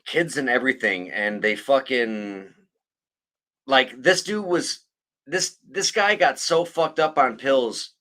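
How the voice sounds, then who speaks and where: A man's voice: medium pitch, bright, forceful tone. A man hosting a podcast, telling a story in a rambling, profane way. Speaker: podcast host. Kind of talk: casual chat.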